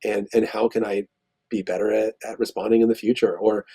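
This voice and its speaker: A man's voice: on the low side, little pitch movement, fairly quick, vocal fry, warm tone, husky. A man, an interview guest, explaining ideas at length in a thoughtful, conversational way, often restarting his sentences.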